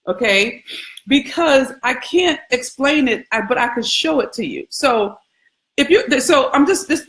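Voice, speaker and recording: A woman's voice: sits high, fairly bright tone. A woman hosting a casual scripture contemplation, talking conversationally with frequent questions, profanity and laughter. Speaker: host.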